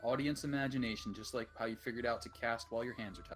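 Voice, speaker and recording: A man running a tabletop game, chatting casually and haltingly over a computer voice call. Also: medium pitch, fairly even intonation, over loud music. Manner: halting, self-deprecating, restarts often. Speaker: game master. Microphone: computer mic on voice call.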